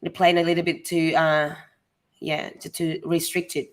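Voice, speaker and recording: A woman's voice: low-pitched, flat delivery, unhurried. A woman from Thailand speaks English with a Thai accent. She answers viewers' questions frankly in a casual live chat and teases her husband in a tired, easygoing way. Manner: teasing, candid, tired.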